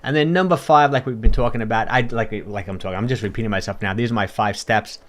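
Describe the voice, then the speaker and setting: A man's voice: on the low side, quick pace. A man, a fitness coach, talking casually on a livestream and answering viewer comments in a chatty, upbeat way with lots of fillers and repeats.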